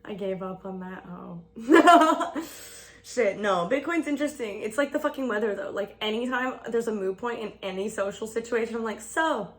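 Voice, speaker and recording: A woman's voice: fairly high pitch, moderate pace. A woman in her twenties vlogging a casual get-ready-with-me chat, rambling and swearing, saying "like" a lot and laughing often.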